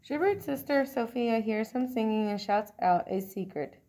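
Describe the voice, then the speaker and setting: A woman reading a children's picture book aloud, in an expressive read-aloud style with occasional slips and throat-clearing. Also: fairly high pitch, normal speed. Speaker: storybook reader.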